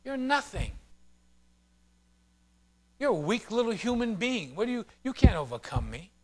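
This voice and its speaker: A man's voice: high voice, sing-song, a little slow, no room sound, full character voice. A man preaching, voicing a male devil who sneers at and belittles a believer. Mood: sneering.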